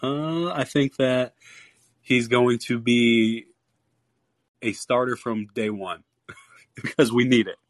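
Blunt stammering sports podcast host. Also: male voice, medium pitch, steady tone, slow, pauses often, no echo. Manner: blunt, irritated, stammering restarts. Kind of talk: live call-in sports chat.

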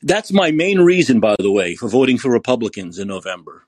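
A man hosting a podcast who rants angrily and curses, repeating himself for emphasis in a husky voice. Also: medium pitch, big pitch swings, brisk, no echo. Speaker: podcast host. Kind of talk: angry political rant.

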